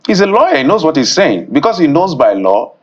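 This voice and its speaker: A man's voice: on the high side, a little fast, husky, lo-fi sound. A man, co-hosting a morning news panel and arguing his point with energy. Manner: animated, argumentative. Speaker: news show co-host. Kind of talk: studio panel discussion.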